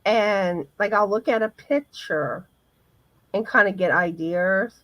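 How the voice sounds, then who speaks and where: A woman, hoarse, co-hosting a casual crochet livestream and speaking hesitantly with many restarts. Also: mid-range voice, takes it slowly, fairly bright tone, no room sound, low-quality recording. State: hoarse, voice going in and out.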